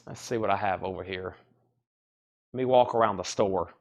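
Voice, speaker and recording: A man's voice: deep voice, moderate pace. A man hosting a live-streamed vinyl sale from a record store, chatting casually and rattling off titles and prices. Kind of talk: live-stream sales patter.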